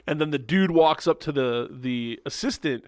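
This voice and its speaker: A man's voice: a little high, moderate pace, clean tone, no echo, studio quality. A man co-hosting a podcast, casually retelling movie scenes in a loose, rambling way full of "like" and restarts. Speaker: podcast co-host. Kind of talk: casual movie review chat.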